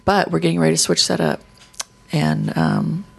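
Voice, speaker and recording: Raspy gravelly woman chatting easy on a podcast. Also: low voice, steady tone, normal speed. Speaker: podcast co-host. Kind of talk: casual group chat.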